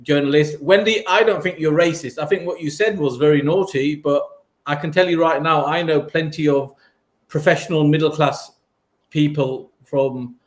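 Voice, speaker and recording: A man's voice: a little high, moderate pace. A man hosting a casual podcast, rambling with frequent ums and wry asides. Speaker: podcast host.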